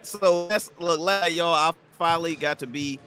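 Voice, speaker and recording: A man hosting a casual podcast chat, animated and quick to laugh, often repeating himself. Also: fairly high pitch, crowd noise. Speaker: podcast host.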